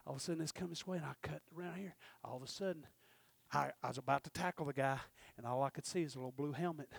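A man preaching a sermon, telling folksy stories and acting out the dialogue, swinging from shouted peaks down to low murmurs. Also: racing, vocal fry, slightly rough, no echo. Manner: folksy storytelling with acted-out dialogue. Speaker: pastor.

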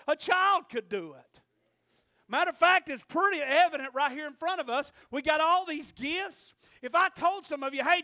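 A man's voice: very high voice, bright, forceful tone. A male preacher giving a fervent sermon and calling out to the congregation for amens.

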